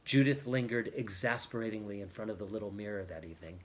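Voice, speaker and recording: A man reading a novel chapter aloud in a steady, expressive storytelling manner. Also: fairly low pitch, fast talker. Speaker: audiobook reader.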